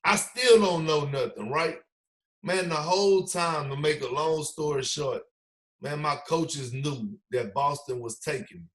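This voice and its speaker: A man's voice: on the high side, a little slow. A man telling stories in a casual, slangy way, acting out what others said. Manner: animated storyteller, slangy, acts out quotes. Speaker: podcast guest, former basketball player. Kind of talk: casual storytelling.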